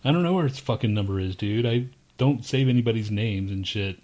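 A man's voice: on the low side, fairly quick, darkish tone. A man co-hosting a podcast in crude casual banter, swearing and laughing often as he teases. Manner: profane, teasing, laughs often. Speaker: podcast co-host.

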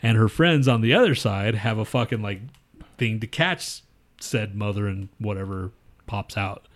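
A man's voice: on the low side, normal speed. A man co-hosting a podcast who rambles through crude jokes, swears a lot, and reads trivia facts aloud in casual banter. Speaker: podcast co-host.

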